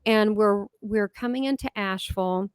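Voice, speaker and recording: A woman host in casual chat, telling a personal story and acting out quoted dialogue with big swings in pitch. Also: normal speed, smooth, no room sound. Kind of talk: casual chat recounting experiences.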